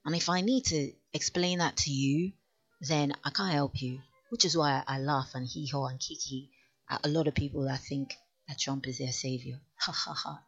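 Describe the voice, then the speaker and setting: A woman hosts a late-night radio show, talking in a low, deep register. She speaks frankly and teases her listeners between songs. The sound is muffled, like a lo-fi broadcast capture. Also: breathy edge. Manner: frank and teasing, laughs at listeners' views.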